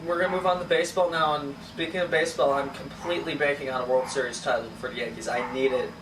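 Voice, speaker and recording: A man's voice: medium pitch, fairly even intonation, fast talker. A man co-hosting a sports podcast, bantering in a laid-back, slangy, casual way. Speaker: podcast co-host. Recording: echoey room from far off, faint noise.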